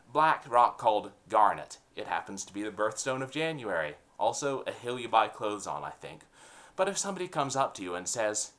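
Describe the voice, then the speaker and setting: Brief: opinionated male comic host, punny, sarcastic, animated delivery. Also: mid-range voice. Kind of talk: comedic rant.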